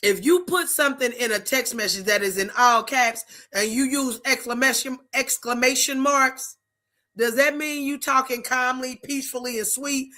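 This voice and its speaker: A woman's voice: high voice, normal speed, bright, forceful tone. A middle-aged woman hosting a faith-based talk show, talking in an emphatic, preachy, conversational way. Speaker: host.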